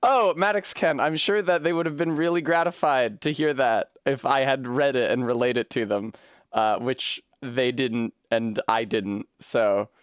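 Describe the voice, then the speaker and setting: A man's voice: medium pitch, fairly even intonation, unhurried, smooth, no room sound, clean studio sound. A man live-streaming from a room at home, chatting casually with his viewers, laughing often and swearing freely. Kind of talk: casual live-stream chat while gaming.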